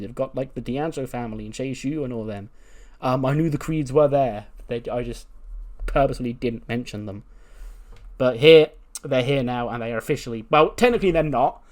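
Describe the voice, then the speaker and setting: A man's voice: mid-range voice, a little fast, a little mellow. A man casually narrating his wrestling management game playthrough, rambling with lots of fillers. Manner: rambling, filler-heavy, chuckling. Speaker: let's-play host.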